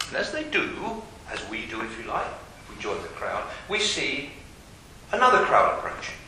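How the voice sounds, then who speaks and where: A man preaching a sermon, asking his listeners pointed questions and dropping from loud to hushed. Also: mid-range voice, wildly swooping pitch, moderate pace. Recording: very echoey hall with faint hiss.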